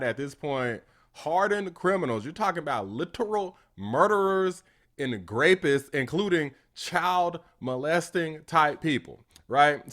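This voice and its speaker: Emphatic male commentator, a bit higher-pitched than most. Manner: emphatic, rising to forceful. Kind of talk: reaction commentary.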